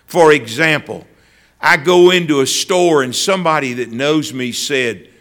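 A man's voice: fairly high pitch, unhurried, fairly bright tone. A man preaching a sermon, telling stories and addressing listeners by name.

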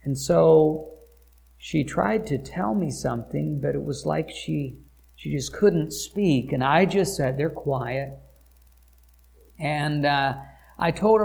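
A male pastor preaches through a personal story, hesitating often and circling back over his words. His voice has a gravelly, creaky edge. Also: fairly high pitch, slow, a little mellow. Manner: hesitant, frequent filler sounds and restarts. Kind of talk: storytelling sermon.

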